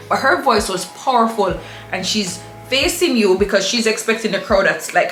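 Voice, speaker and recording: A woman vlogger telling a travel story to camera in a casual, animated way, acting out the people in it. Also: mid-range voice, echoey room. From Jamaica. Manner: animated, acts out voices in her story.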